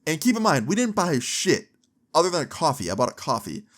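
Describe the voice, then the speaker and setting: A man's voice: a little high, big pitch swings, fairly quick, a bit bright. A young man telling a long story to camera in a casual, swearing, filler-heavy way. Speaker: storytime vlogger.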